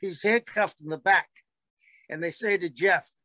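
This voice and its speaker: Bright, high-voiced man telling tales. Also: measured pace, no echo. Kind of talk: casual storytelling chat.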